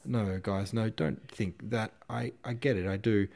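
A man's voice: on the low side, fairly even intonation, measured pace, vocal fry, darkish tone. A man playing a proud young count, flustered and stammering, pleading in a raised voice. An audiobook officer. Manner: stammering, imploring.

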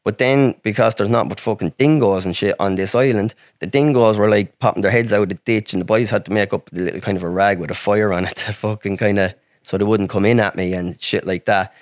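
With a lowish, fairly even voice, an Irish man talks a little fast with few pauses while telling a long personal story on a podcast. His casual storytelling rambles, restarts often and is full of swearing. The recording is dry and studio grade.

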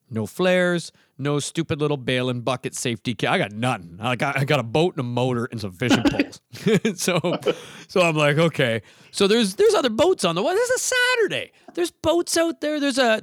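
A man telling a story in casual conversation. His voice sits fairly high for a man, and it sounds close and dry. He is animated and acts out the other people's voices. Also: dry recording.

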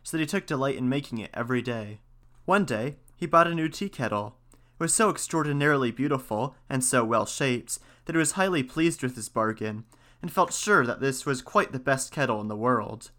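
A man reads an old folktale aloud at an easy, unhurried pace. His voice sits in a middling register, and he gives the characters only light voices. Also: medium pitch, pushed and bright. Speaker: storyteller.

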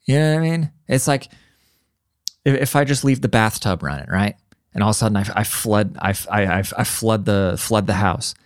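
A man's voice: fairly low pitch, normal speed, clean tone, no echo, clean studio sound. Blunt, profane male podcast host. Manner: blunt, profane, exasperated ranting. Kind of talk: casual ranting commentary.

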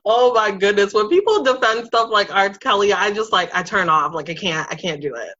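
A woman's voice: medium pitch, expressive, brisk, pushed and bright. A woman interviewing a podcast guest, chatting in a giggly, enthusiastic way. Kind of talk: casual chat. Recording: dull lo-fi sound.

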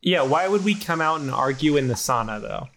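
A man's voice: fairly high pitch, lively intonation, brisk, fairly bright tone, slight background noise. A man voicing a petty male chipmunk who nags and needles his partner in improv comedy. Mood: needling. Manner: nagging, needling, argumentative. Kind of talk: improv comedy role-play.

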